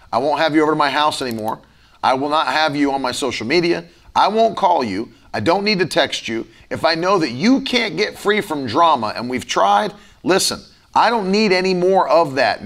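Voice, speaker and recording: Lively, gravelly-voiced male preacher. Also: fairly high pitch, normal speed. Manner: conversational preaching, acting out his own irritated inner voice. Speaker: pastor. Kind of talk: sermon.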